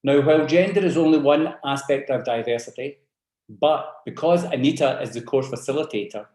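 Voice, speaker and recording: A man's voice: mid-range voice, fairly quick, darkish tone, reverberant. A man with a mixed South African and Scottish accent opening a webinar with formal, courteous announcements. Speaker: event host.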